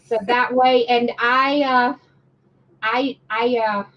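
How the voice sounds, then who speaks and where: A woman guest and educator chatting casually on a live stream, halting and chatty. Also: on the high side, fairly even intonation, recorded from a distance, dull audio. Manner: chatty, halting with fillers and restarts.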